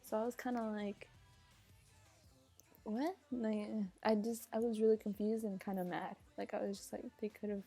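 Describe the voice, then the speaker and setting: A young woman vlogging casually, telling a story in a rambling way with lots of fillers and animated asides. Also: mid-range voice, brisk, few pauses, breathy edge, faint music behind.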